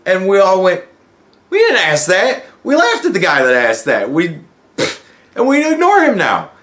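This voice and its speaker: A man's voice: high voice, huge pitch swings, moderate pace, fairly bright tone. A man hosting a podcast who talks in a casual, profane monologue and acts out other people's replies. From United States. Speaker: podcast host.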